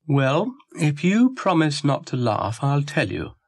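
A grumpy, self-pitying shaggy dog from a storybook record, as a man puts him on, whining and wheedling in a raised, swooping voice. The delivery is slow and drawn out, and the sound is close and dry. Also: fairly high pitch, big pitch swings, no room sound, voice pushed up, heavily acted. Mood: sulky. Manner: whiny, sulky, wheedling.

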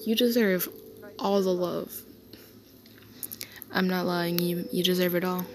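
A woman voicing an affectionate young man who soothes his partner to sleep in a soft comfort role-play, tender and reassuring. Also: on the low side, fairly even intonation, unhurried, background noise, close to an everyday voice.

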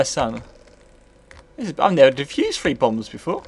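A man's voice: mid-range voice, normal speed, long pauses, breathy edge. A tipsy man commentating live as he plays and reviews an old computer game, swearing freely and rambling. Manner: sweary, rambling, bursts into excited yells.

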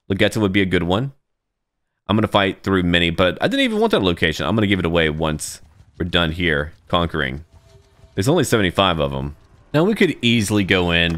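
A man's voice: low-pitched, fairly bright tone. A man giving casual let's-play commentary, thinking aloud and talking to his troops as he plays. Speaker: gaming YouTuber.

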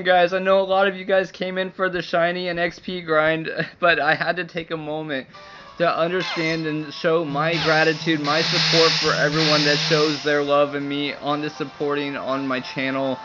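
A young male livestreamer, overjoyed, laughing and crying, gives excited commentary and breathless thanks in a high, bright voice. The stream audio is dull and lo-fi, with faint music.

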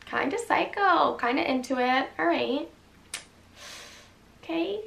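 A woman's voice: sits high, animated, slow pace, vocal fry, fairly bright tone, far from the mic. A young woman giving sarcastic, chatty commentary while playing a story game and reading its lines aloud. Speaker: gaming vlogger. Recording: echoey room, voice off-mic, music behind.

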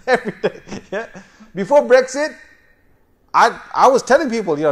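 A man telling a story in a sermon, his voice pitched a bit higher than most men's. He is animated and chatty, laughing often, with big jumps in pitch and loudness, and keeps asking his audience for agreement. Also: fast talker. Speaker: preacher.

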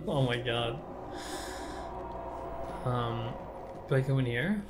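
Game music runs under this young commentator as he plays a game blind, cursing in exasperation and laughing at his own blunders. He speaks slowly at a medium pitch, and there is background noise.

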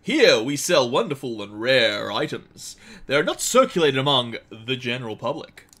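A man reading a game's dialogue aloud while voicing a shady adult male salesman, with a slow, emphatic sales pitch. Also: sing-song, pushed and bright. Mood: salesy.

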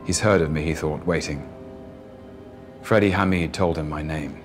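Man, very low voice, audiobook narration, measured storytelling. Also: faint music behind.

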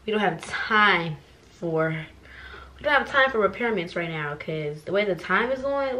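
A woman's voice: medium pitch, expressive, moderate pace, bright, forceful tone. A young woman talks to her viewers in a get-ready-with-me vlog. She is casual, frank and profane, poking fun at herself. She is recorded at home on a phone or camera mic with a faint hiss behind her. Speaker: vlogger.

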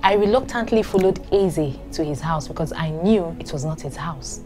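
An actress plays a blunt, commitment-shy young woman, cutting people off in short, dismissive lines. Her voice sits a little low. A soft film score plays underneath. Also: moderate pace, over music, lightly acted. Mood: explaining. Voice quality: curt, dismissive delivery. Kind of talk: film drama acting.

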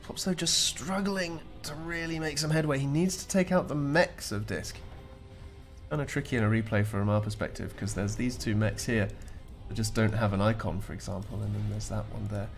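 A man's voice: lowish voice, fairly even intonation, normal speed, faint music behind. A man commentating a strategy game replay, chatty and joking with playful asides.

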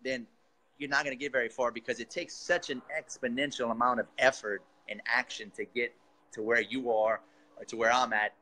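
A man's voice: mid-range voice, fairly even intonation, a little fast, sharp tone, rough recording. A man coaching a student in a casual interview, enthusiastic and encouraging, full of slangy praise. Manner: enthusiastic, encouraging, says dude and man a lot. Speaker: real estate coach.

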